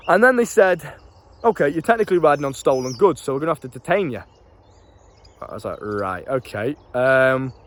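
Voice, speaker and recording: A young British man telling a story in a casual, animated way, laughing often and swearing freely. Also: a little high. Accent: British English. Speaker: self-improvement YouTuber.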